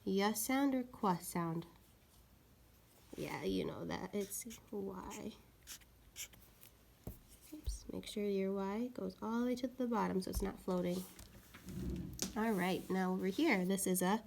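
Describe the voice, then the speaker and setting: Patient woman teaching phonics slowly. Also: mid-range voice, gravelly, darkish tone, slight background noise. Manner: slow, patient, encouraging, sounds words out. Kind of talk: phonics lesson for young children.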